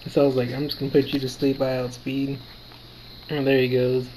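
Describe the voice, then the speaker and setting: A man's voice: mid-range voice, completely flat delivery, a little fast, a little mellow, a little hiss or hum, rough recording. A tired, yawning man giving casual play-by-play commentary on his own game battle, quoting his own thoughts as he goes. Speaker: gaming commentator.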